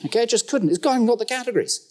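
A middle-aged man preaches in a church, with wry humor and a voice that leaps up for emphasis before dropping back down. His pace swings between quick asides and slow, weighty lines. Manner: lively, humorous asides and sudden pitch jumps. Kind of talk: sermon.

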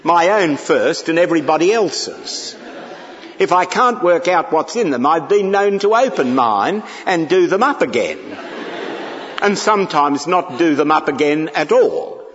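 Preacher in a big echoey hall. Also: male voice, a little high, expressive, unhurried, a bit bright, dull audio. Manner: storytelling with humor, emphatic pleading repetitions. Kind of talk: sermon.

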